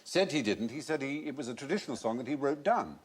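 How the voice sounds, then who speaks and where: A man's voice: mid-range voice, expressive, fast, slightly rough. A man hosting a comedy quiz show, teasing the panel with questions and then explaining the answers. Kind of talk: quizmaster banter.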